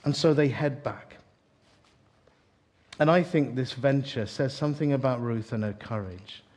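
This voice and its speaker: Guy preaching, lively storyteller, cracks jokes, asides to the crowd, mid pitch. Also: unhurried. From East London. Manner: animated, joking storyteller with asides to the audience. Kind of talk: sermon.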